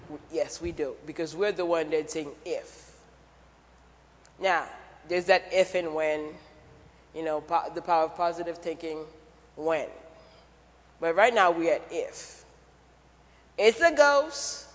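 A man's voice: on the high side, slow, pauses often, fairly bright tone. A man preaching a sermon in a church, conversational and jokey, asking the congregation questions. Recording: church hall reverb.

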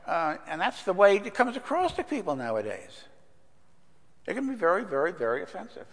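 An older man preaching a sermon in a church, telling a story in a relaxed, conversational way with fillers. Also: high voice, a little fast. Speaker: pastor. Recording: long reverb in a church hall.

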